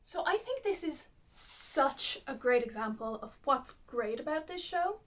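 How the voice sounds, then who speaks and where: A woman with a high voice talks through a story in a loose, chatty recap. She keeps reaching for fillers and restarts as she goes. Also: sing-song, unhurried, fairly bright tone. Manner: chatty, uses lots of fillers. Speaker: youtuber. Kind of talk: casual plot recap.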